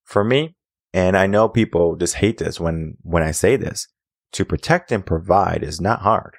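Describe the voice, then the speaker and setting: A man's voice: sits low, a little slow, creaky, no echo, studio quality. A young adult man hosting a podcast, giving an opinionated monologue full of rhetorical questions. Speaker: podcast host.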